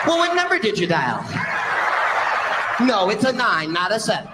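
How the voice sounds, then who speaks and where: High animated male comedian, noisy recording. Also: normal speed, long pauses. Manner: animated, mimics others while laughing. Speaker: stand-up comedian. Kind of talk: stand-up comedy bit.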